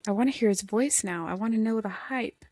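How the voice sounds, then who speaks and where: A woman hosting a podcast, talking in an unhurried, thoughtful way in casual chat. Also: mid-range voice, darkish tone, no room sound. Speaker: podcast host.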